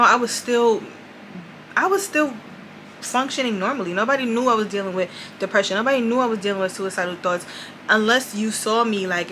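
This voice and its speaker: Brief: young woman vlogger, bright tone, chatty faith testimony, faint noise behind. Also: mid-range voice, low-quality recording. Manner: chatty, addresses viewers as "y'all", many "like"s. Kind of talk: casual confessional testimony.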